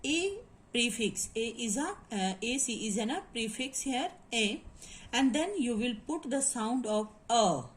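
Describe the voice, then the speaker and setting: A woman teaching word stress in a halting lecture, with many fillers and quick Hindi asides. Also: a little high, lively intonation, low-quality recording. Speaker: English literature teacher.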